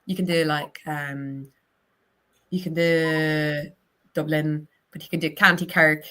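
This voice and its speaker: A woman's voice: sits low, steady tone, a bit bright. A woman from southern Ohio, an actor, chatting as a guest on a livestream interview with lots of fillers. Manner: chatty, talks in quick bursts with many fillers.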